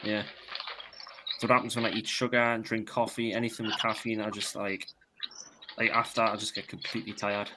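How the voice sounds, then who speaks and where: A man's voice: on the low side, little pitch movement, a little fast. Tired chatty man on a noisy stream. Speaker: stream participant. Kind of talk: casual chat.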